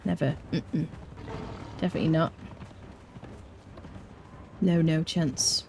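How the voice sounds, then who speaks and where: An English woman streaming a game, chatting casually and playfully with her viewers and often dropping into quiet asides. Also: low voice, steady tone, measured pace, gravelly, pauses often, a little hiss or hum. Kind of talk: casual live-stream chat while gaming.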